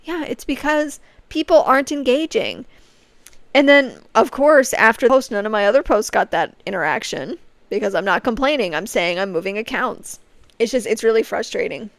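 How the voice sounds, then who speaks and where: A woman's voice: on the high side, lively intonation, normal speed, no room sound. A woman in her late twenties, talking to camera in a casual vlog, frank and rambling, circling back over her words as she vents. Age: late 20s. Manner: frank, rambling, restarts often, frustrated about social media. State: on the verge of tears. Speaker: vlogger.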